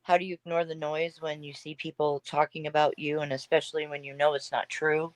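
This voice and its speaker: Woman, low voice, measured, supportive, casual chat. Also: flat delivery, no room sound. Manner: measured, supportive, many filler words.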